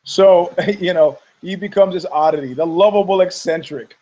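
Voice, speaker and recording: Barely pausing at a normal speed, a podcast host with a high, darkish voice rambles profanely about fight news on a muffled recording. He laughs often and lampoons people in exaggerated voices.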